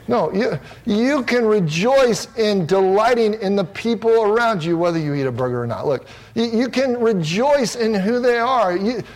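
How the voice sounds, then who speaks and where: A man's voice: a little high, darkish tone. A man preaching a sermon, earnest and emphatic, often restarting his phrases as he works through a psalm verse by verse. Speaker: pastor.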